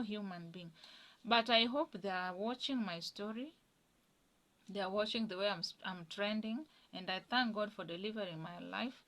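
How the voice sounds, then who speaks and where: A young woman shares her testimony in an earnest storytelling voice at a middle pitch. She talks with animation and quiets down almost to a hush when a moment touches her. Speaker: guest sharing a personal testimony.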